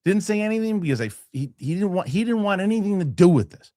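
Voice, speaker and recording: Male host in his forties, animated, heated storyteller, swears freely, slightly high voice, dry close sound. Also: quick pace, no room sound. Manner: heated, animated, swears, acts out quoted people. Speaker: show host. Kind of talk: casual storytelling rant.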